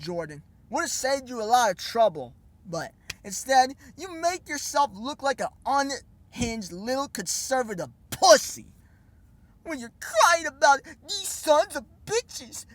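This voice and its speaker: High-voiced young man, sarcastic rant. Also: very animated, a little slow, a bit bright, dry recording. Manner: sarcastic, scornful, casual slang. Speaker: vlogger. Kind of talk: mocking commentary rant.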